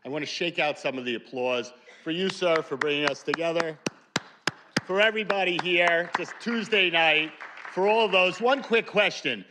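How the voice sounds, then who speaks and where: A man's voice: a little high, moderate pace, background noise. A man in his sixties from New York, giving an emotional, combative public comment at a hearing. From New Rochelle, New York.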